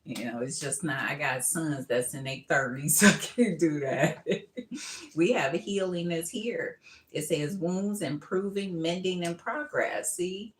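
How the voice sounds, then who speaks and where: A woman's voice: low voice, unhurried, roomy sound. A middle-aged woman giving a casual live tarot reading, brash and laughing often, calling listeners boo and baby. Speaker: tarot reader.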